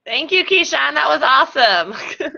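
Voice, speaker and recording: An upbeat, chatty woman hosts a conference call. Her voice is bright and a little gravelly, with some vocal fry. The audio is dull and lo-fi. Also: high-pitched, lively intonation, a little slow. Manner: upbeat, chatty, laughs often. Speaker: call host. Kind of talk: casual chat.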